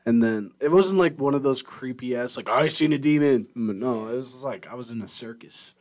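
A man's voice: medium pitch, fairly quick, darkish tone. Rambling, laughing young man. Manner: rambling, laughing storyteller, lots of fillers. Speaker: podcast co-host. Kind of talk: casual chat.

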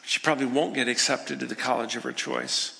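A man preaching a sermon as pastor, telling everyday stories and voicing people's quiet prayers in a conversational way. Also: mid-range voice, fairly even intonation, brisk, gravelly, long reverb tail. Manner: conversational storytelling, acting out people's inner prayers.

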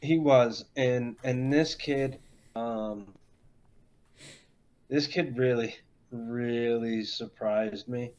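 A man co-hosting a casual fight podcast, speaking haltingly and filling his pauses with ums and uhs. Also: mid-range voice, fairly even intonation, a little mellow. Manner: slow, halting, lots of fillers. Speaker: podcast co-host. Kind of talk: casual chat. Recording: dull lo-fi audio.

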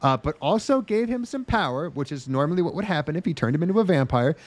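A man's voice: on the high side, expressive, fast talker. A man hosting a casual podcast, recapping with sarcastic, profane rants and mocking put-on voices. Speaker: podcast host.

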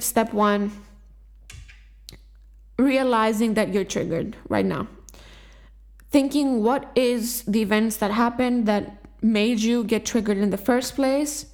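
A woman's voice: fairly high pitch, darkish tone. A young woman hosting a self-help podcast, talking candidly and swearing freely as she addresses her listeners. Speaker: podcast host. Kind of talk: casual self-help talk.

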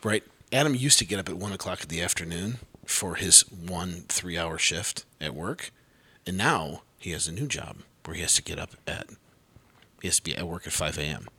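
A man with a low, husky voice hosts a relaxed breakfast chat at home. His voice swings up and down as he teases the others and laughs. The tone is bright and forward. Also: moderate pace. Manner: laughing, teasing, animated. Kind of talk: casual family chat.

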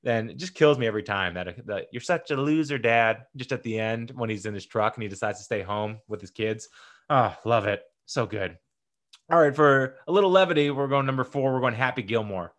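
A young man giving casual, excitable commentary as a host, swinging between loud bursts and soft asides. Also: mid-range voice, fairly quick. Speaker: host ranking sports movies.

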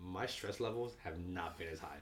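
A man's voice: low voice, moderate pace. A man co-hosting a podcast, ranting about basketball in casual, heavily profane talk. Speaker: podcast co-host. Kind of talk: casual sports chat.

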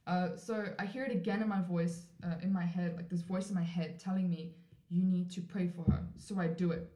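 Lower-voiced woman telling a story, roomy sound. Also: fairly quick. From South Africa. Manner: animated, acts out quoted voices, frequent "like" fillers. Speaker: podcast guest. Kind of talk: storytelling in a casual interview. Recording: roomy echoey room.

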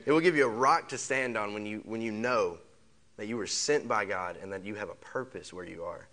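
A man's voice: on the low side, fairly quick, bright, forceful tone. Man preaching in repeated rhetorical questions. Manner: leads the congregation in call-and-response. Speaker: pastor. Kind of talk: sermon.

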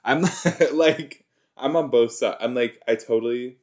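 A man's voice: mid-range voice, a little slow. A man hosting a rewatch podcast, giving rambling, jokey reaction commentary that often trails off.

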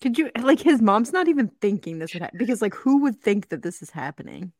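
A young woman co-hosting a podcast, reacting to the story with exclamations and quick asides. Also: on the high side, big pitch swings, darkish tone, dry recording, studio quality. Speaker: podcast co-host. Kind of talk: casual chat reacting.

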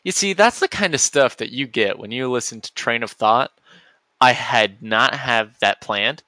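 Hosting a podcast alone, a man rambles goofily and keeps cutting himself off mid-sentence. His voice is mid-range and unhurried, with a sharp tone and no echo.

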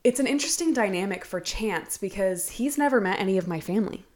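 A young woman in casual podcast chat, talking fast and loose with lots of "like" and the odd swear. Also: mid-range voice, expressive, a loud crowd. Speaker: podcast co-host.

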